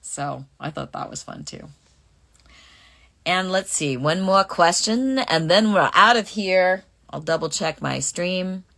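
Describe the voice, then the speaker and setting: A middle-aged woman with a notably low voice talks casually through a fan Q&A. She reads each question aloud and muses over her answers in a relaxed, chatty way. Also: takes it slowly, creaky. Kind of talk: casual livestream Q&A.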